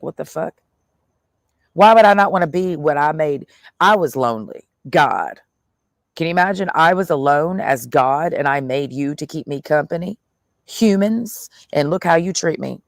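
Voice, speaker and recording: A man's voice: fairly high pitch, gravelly, no room sound, studio quality. A man in a blunt, profane monologue, speaking in the first person as God, full of slang and swearing. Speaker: vlogger.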